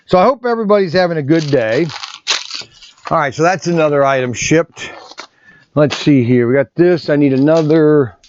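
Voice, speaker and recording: Packing orders in the indoor packing area of his toy shop, the owner chats in a loose casual vlog at a moderate pace, often restarting sentences. His slightly mellow voice runs a little high for a man. Recorded on a mic separate from the camera, the sound is somewhat dull and lo-fi, with faint hiss.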